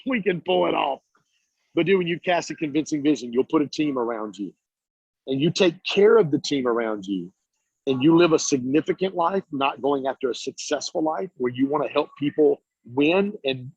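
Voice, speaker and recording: A man giving an energetic, preachy motivational talk on a video call, casual and blunt as he tells stories. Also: on the high side, brisk, breathy edge, dry recording. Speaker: guest speaker, business coach. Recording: dull lo-fi call audio.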